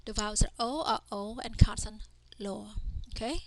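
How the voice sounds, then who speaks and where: A woman's voice: fairly high pitch, steady tone, moderate pace, gravelly, few pauses, slight background noise. Patient woman sounding out syllables. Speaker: language teacher. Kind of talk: slow spelled-out reading lesson.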